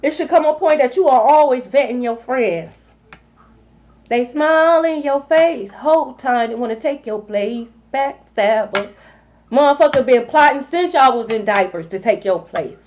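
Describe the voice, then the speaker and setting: On a dull lo-fi recording, a tarot reader with a high, slightly mellow voice delivers a collective reading. Her style is profane and blunt, and she hammers points home by repeating them.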